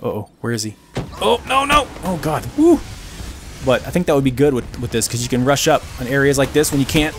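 A man giving casual, self-mocking commentary over his own gameplay, with excitable outbursts and muttering. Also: mid-range voice, fast, over music. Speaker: gaming commentator.

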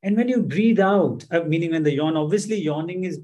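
A man leading a live-streamed stress management workshop, talking with many fillers and gently coaxing his viewers. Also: fairly high pitch, fairly quick, low-quality recording. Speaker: workshop instructor.

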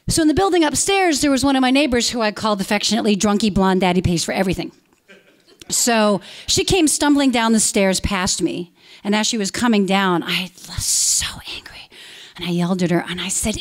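A woman in her forties, an actress telling a personal story live on stage into a handheld mic, animated and bursting into loud quoted lines. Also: lowish voice, a little fast. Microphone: handheld stage microphone.

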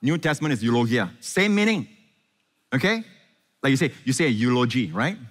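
A man's voice: mid-range voice, sing-song. Man preaching in an echoey hall. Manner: engaging, quizzes the congregation with quick questions. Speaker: pastor. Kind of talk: sermon. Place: large church hall before a congregation.

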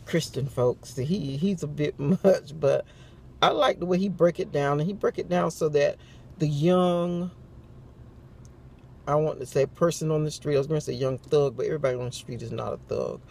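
A gravelly older woman telling stories in a relaxed morning chat. She talks like a natural storyteller, slipping into the voices of the people she quotes and laughing along the way. A faint car hum sits in the background. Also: low-pitched, normal speed. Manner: chatty storyteller who acts out quotes; laughs often. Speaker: vlogger.

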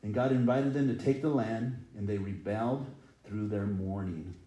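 A man's voice: lowish voice, moderate pace, mellow. Earnest male pastor in a roomy church. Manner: earnest, rises and falls in intensity, acts out quoted cries. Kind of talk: sermon. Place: church sanctuary.

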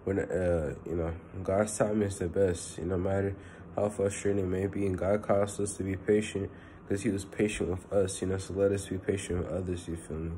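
A man's voice: low voice, flat delivery, brisk, warm tone, a little hiss or hum. A young man giving a casual, earnest spoken sermon, rambling with constant "you know" fillers. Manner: earnest and personal. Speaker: preacher.

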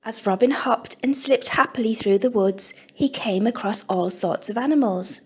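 A woman, an early years teacher, gently reading a children's picture book aloud in an unhurried storytelling manner. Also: fairly high pitch, husky.

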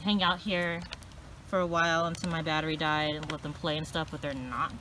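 A woman vlogging outdoors, chatting easily to her viewers and calling them y'all while she walks her dogs. She talks to the camera on a handheld phone, and steady outdoor noise runs under her voice. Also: sits low, a little fast. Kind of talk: casual vlog chat. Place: outdoors on a hiking trail, then a home yard.

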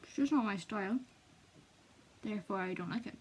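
A young woman chatting casually to the camera, excitable and giggly, slipping between bubbly chatter and hushed asides. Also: mid-range voice, fairly quick, slight background noise, poor audio. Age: young adult. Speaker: art student vlogger.

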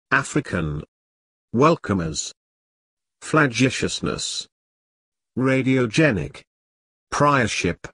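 A man reads isolated vocabulary words at a very slow, measured pace, pausing after each one. His voice is lowish and a little husky, with lively pitch from word to word. The recording is dry and close. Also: no echo. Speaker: word list reader.

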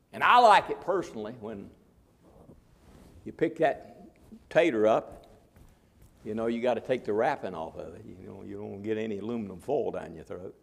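Folksy gravelly-voiced preacher. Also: male voice, mid-range voice. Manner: folksy preaching with swings from murmurs to loud exclaims. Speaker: pastor. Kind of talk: sermon.

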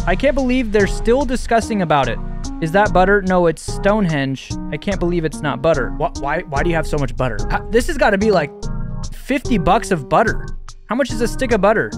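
A young man hosting a casual meme reaction video, joking and incredulous, dropping bro and dude. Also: high voice. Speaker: YouTube host.

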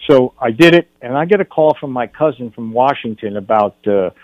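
An older man, a film director, telling stories as a guest in a radio studio interview, animated and acting out what people said. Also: medium pitch, fairly quick, dry recording, phone-quality sound. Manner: animated anecdote teller, acts out quotes.

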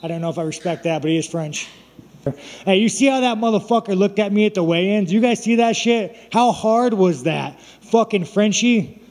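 High-voiced man, profane and taunting. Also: moderate pace, darkish tone, in a large hall. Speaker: fighter at a press conference. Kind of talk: press conference talk.

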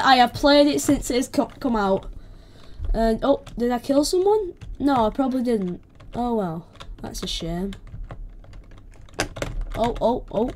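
A woman with a British accent giving casual gameplay commentary, excitable, yelping when attacked and trash-talking playfully. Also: medium pitch, measured pace. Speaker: gaming video creator.

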